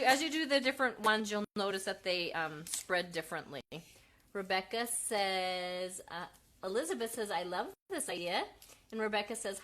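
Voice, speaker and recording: A woman's voice: mid-range voice, fairly bright tone. A woman hosting a casual live craft demonstration at home. She chats loosely, reads out viewer comments, and corrects herself with frequent ums. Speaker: craft livestream host and mother. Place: at home with her kids.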